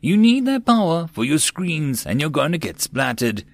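A man's voice: medium pitch, animated, normal speed, dry recording, lightly acted. Man voicing a jittery little AI sidekick. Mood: urgent. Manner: anxious, pleading, squealing. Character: nervous young male AI battle assistant.

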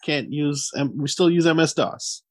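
A man's voice: a little high, moderate pace, dry recording. A man co-hosting a podcast, joking about a TV episode in casual chat and acting out quotes. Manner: jokey, acts out quotes. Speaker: podcast co-host. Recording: dry sound.

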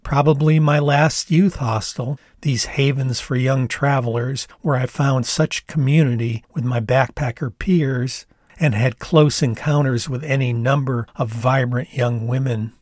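An older man from the United States reading his memoir aloud in a measured, reflective storytelling manner. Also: mid-range voice, fairly even intonation, darkish tone, no echo, clean studio sound. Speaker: author and narrator. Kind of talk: memoir narration read aloud.

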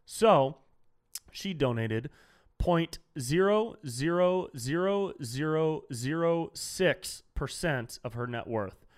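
A man hosting a solo podcast, ranting sarcastically and saying dude a lot. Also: mid-range voice. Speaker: podcast host.

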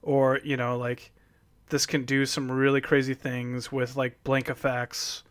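A man co-hosting a casual card-game discussion, talking in a halting way with many fillers and trailing thoughts. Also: mid-range voice, flat delivery, a bit bright, no room sound. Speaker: podcast co-host.

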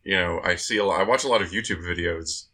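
A man co-hosting a podcast in casual chat, measured and thoughtful. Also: low-pitched, bright, forceful tone. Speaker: podcast co-host.

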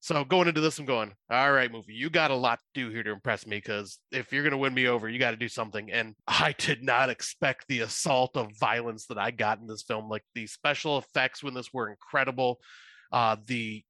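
Man, podcast co-host, bright tone, dry sound, lively storyteller. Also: mid-range voice, a little fast, dry recording. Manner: animated storytelling, acts out quotes. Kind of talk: casual chat.

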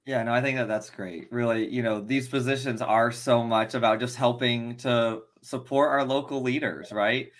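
A man co-hosting a casual podcast, talking in a relaxed way with many fillers. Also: mid-range voice, moderate pace, hardly any pauses. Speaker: co-host.

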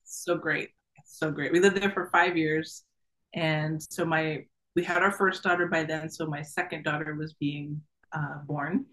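Lively woman telling a personal story. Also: low-pitched, unhurried, poor audio. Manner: animated, laughs often, acts out quoted voices. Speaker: guest. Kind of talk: casual storytelling in an interview.

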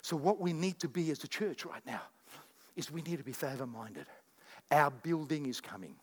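A man preaching a sermon as pastor, animated and repetitive, telling stories to his church. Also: on the high side, normal speed, slightly rough, in a large hall. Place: church sanctuary.

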